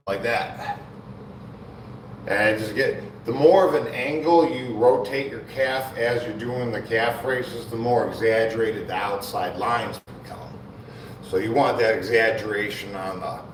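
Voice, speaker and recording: On his bodybuilding livestream, a man talks loosely between sets, using slang and laughing a lot in a relaxed way. His pitch is medium, with a bit of background noise behind him. It sounds like an echoey room with a distant mic and faint ambient sound.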